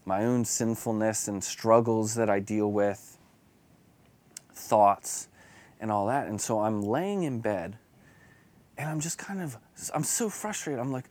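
A man's voice: medium pitch, animated, unhurried, darkish tone, no room sound. A man preaching an earnest, confessional devotional sermon that builds to fervent emphasis.

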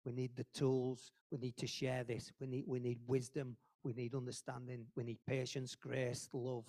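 A lay preacher at a church meeting delivers an informal, earnest sermon, speaking conversationally and repeating phrases for emphasis. His voice is medium-pitched and dark in tone, with little pitch movement and a normal speed.

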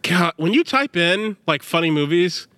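A man's voice: sits high, lively intonation, normal speed, sharp tone, no echo. Chatty man with a dry close sound. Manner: rambling, lots of fillers and laughter. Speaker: podcast co-host. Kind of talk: casual chat.

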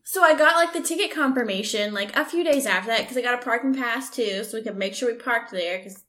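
A young woman co-hosting a casual chat, excitable and swearing as she rushes through her stories. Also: fairly high pitch. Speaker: podcast co-host.

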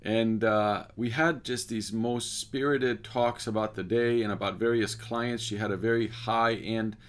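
A man from Cyprus, a speaker and author, telling a personal story in a measured, deliberate way that lingers over details. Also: on the low side, steady tone.

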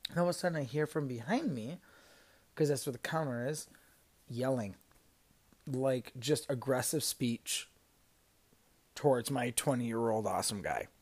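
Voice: medium pitch, unhurried, long pauses, a little mellow, breathy edge. Podcast host, thirties, casual storytelling, rambling, self-correcting, swearing. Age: 30s.

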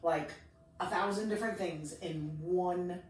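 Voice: mid-range voice, measured pace. A co-host in casual chat who adds brief, affirming remarks. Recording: echoey room, distant mic, faint noise.

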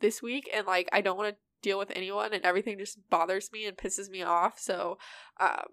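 A woman's voice: medium pitch, steady tone, a little fast, fairly bright tone, no echo. A young woman co-hosting a podcast, her nose stuffy from allergies. She chats openly and easily. The voice is close and dry, with no room sound around it. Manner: chatty, candid, laughs often. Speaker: podcast co-host. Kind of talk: casual chat.

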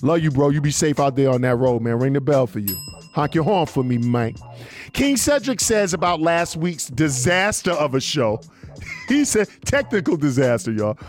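Male internet radio host, higher voice, very lively delivery, slangy banter, light music bed. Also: normal speed. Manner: animated, reads listener messages aloud with slang. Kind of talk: casual radio show banter.

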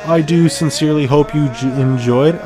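A man's voice: fairly high pitch, normal speed, music in the background. A young man from Canada hosting his own podcast, ranting bluntly with heavy swearing and frequent restarts. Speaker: podcast host. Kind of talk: solo podcast rant.

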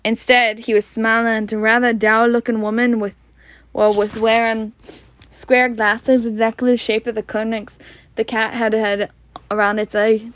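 A woman reading a storybook aloud, halting and rereading words she stumbles on. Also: a little high, little pitch movement, fairly bright tone, dry recording.

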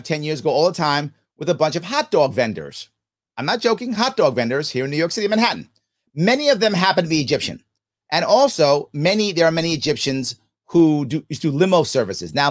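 Animated male podcast host. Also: fairly high pitch. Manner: animated, emphatic, repeats points. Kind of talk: solo commentary reading listener comments. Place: New York City.

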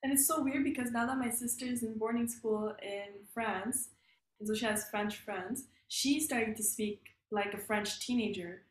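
A woman's voice: a little high, moderate pace. A young woman chatting casually in an amused, talkative way. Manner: chatty, amused, says "so weird" a lot. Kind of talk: casual chat. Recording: echoey, distant, faint background noise.

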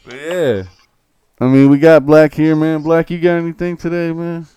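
A man with a smooth, clear voice hosts a loose podcast chat. He tells profane stories and jumps into the voices of the people in them. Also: fairly high pitch, level tone, normal speed, dark tone, dry recording. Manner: profane storytelling, acts out riders' voices. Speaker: podcast host. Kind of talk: casual crude chat. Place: informal podcast recording.

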